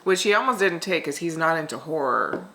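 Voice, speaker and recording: A woman co-hosting a podcast, casually walking through a film's story scene by scene. She swears freely as she talks. Her voice is low. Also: expressive, brisk, noisy background. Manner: summarizes the plot, swears freely. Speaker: podcast co-host. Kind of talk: casual chat.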